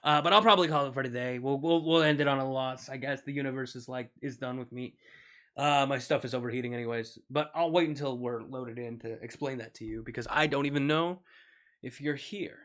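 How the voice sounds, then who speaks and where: A man's voice: medium pitch, a little fast, a bit bright. A man streaming a game, talking in a casual, rambling way full of jokes and tangents. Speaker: gaming streamer. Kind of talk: casual gaming stream commentary.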